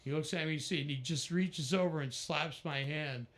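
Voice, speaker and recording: On the high side and at a normal speed, this middle-aged man's voice carries his animated stories. He's a guest musician in a casual interview, acting out others' voices as he narrates.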